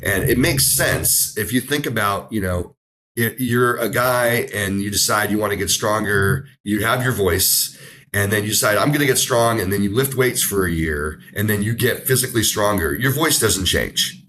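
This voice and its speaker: A man speaking as a researcher guest in an interview, explaining ideas slowly with many ums and restarts. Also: lowish voice, fairly bright tone. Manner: explanatory, hesitant with fillers. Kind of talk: conversational interview.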